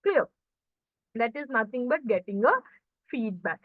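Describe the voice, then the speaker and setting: A woman teaching an online communication skills class, explaining points through acted everyday examples and often checking in with "guys" and "clear?". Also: on the high side, animated, measured pace, dry recording. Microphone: computer or headset mic on a video call. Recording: dry, narrow phone-like online-call sound.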